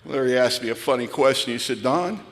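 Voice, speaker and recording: A man's voice: medium pitch, little pitch movement, quick pace. A man giving a candid, self-mocking talk about his past to a live audience, telling it dramatically. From United States. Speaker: recovery speaker. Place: large hall. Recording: hall reverb from a live talk.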